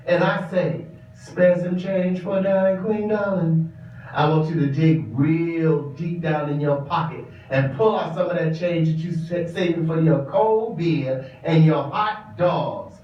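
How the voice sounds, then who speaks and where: A man's voice: a little high, unhurried, close to an everyday voice. A man playing a campy, sassy old drag queen. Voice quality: campy and theatrical, calls the listener darling and child. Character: sassy, flamboyant older male drag queen. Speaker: stage actor performing a monologue. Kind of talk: theatrical monologue. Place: large echoing exhibition space. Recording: roomy, distant, dull exhibit recording.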